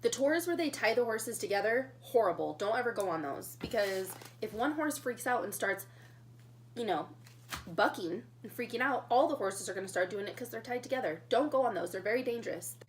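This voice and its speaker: A woman's voice: fairly high pitch, lively intonation, a little fast, a little hiss or hum. A young woman telling a story in a casual mukbang vlog, chatting while she eats. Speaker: vlogger.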